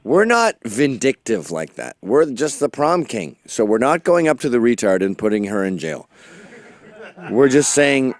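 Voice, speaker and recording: A brash man hosting a crude, mocking talk show. His pitch swings widely as he rants. The dry, close-miked sound has no room in it. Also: very animated, measured pace, dry recording. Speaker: podcast host. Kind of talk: crude comedic chat.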